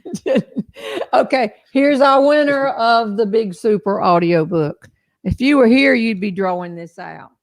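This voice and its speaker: A woman's voice: on the high side, a little slow, no room sound. An older woman hosting a casual live chat, joking and telling stories in a folksy way. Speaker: host.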